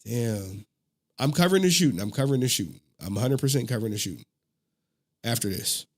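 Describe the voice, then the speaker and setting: A man in his thirties hosting a casual online commentary, animated and slangy, swearing and laughing often. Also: mid-range voice, fast talker.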